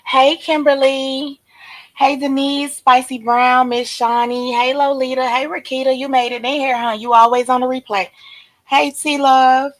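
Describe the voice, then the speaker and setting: A hoarse woman, chatting casually on a livestream and greeting viewers by name in a drawn-out, relaxed way. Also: high voice, poor audio. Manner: relaxed, drawn-out shout-outs to commenters. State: hoarse, losing her voice. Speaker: livestream host. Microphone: streaming setup.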